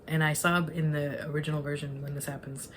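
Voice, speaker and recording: Low-voiced woman in her forties reviewing. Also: little pitch movement, a little fast, slight background noise. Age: 40s. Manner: rambling and self-correcting, openly emotional. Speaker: online movie reviewer. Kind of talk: casual spoken film review.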